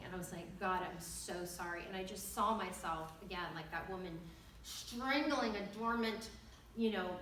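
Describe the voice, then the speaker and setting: A woman speaking at a women's ministry event, telling a personal testimony in an animated storytelling way and acting out the dialogue. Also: medium pitch, slight background noise. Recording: echoey hall, distant mic.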